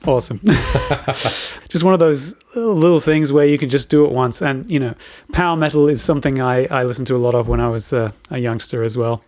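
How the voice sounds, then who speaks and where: A man's voice: medium pitch, a little fast, a little mellow, no echo. A man co-hosting a podcast, chatting casually about recording music, rambling with many fillers and restarts, chuckling often. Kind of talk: casual chat.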